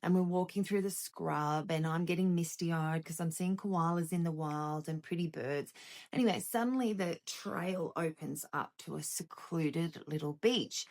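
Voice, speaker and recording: A middle-aged woman with an Australian accent tells a funny personal story with a wry, lively delivery. Her voice sits a little low for a woman, and she lands each punchline with practiced comic timing.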